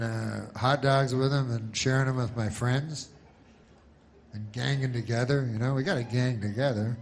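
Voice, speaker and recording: Dry, deadpan male stand-up comedian. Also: mid-range voice, slight background noise.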